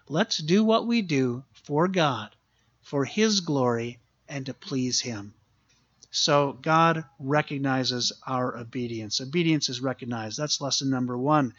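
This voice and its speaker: A man preaching a sermon, earnest and steady, repeating key phrases for emphasis. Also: medium pitch, husky, muffled recording. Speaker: pastor.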